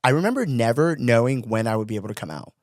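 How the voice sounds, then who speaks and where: A young man co-hosting a podcast, telling stories in an animated, rambling way with many fillers. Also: mid-range voice, fast, no room sound, studio quality. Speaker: podcast co-host. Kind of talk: casual storytelling chat.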